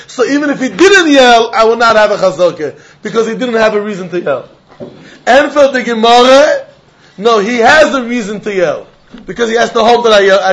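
A man's voice: very high-pitched, muffled recording. A man teaching a Talmud class, repeating points with emphatic sing-song delivery and mixing in Yiddish and Hebrew terms.

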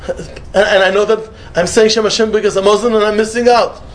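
A man giving a sermon, telling a story and mixing in Hebrew and Yiddish phrases, jumping between loud emphatic lines and soft murmured asides. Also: sits high, fairly even intonation, fast talker, slight background noise. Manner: peppers English with Hebrew and Yiddish words, short repeated phrases. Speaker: rabbi giving a talk.

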